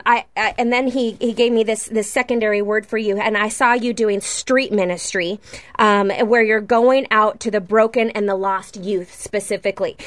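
A woman minister delivering spontaneous prophetic words to listeners, earnest and halting, with many fillers and repeated phrases. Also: a little high.

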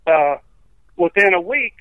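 A man's voice: high voice, animated, unhurried, no echo. A man, an evangelist telling healing testimonies in a rambling, folksy way, acting out the quotes. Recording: tinny dry phone line.

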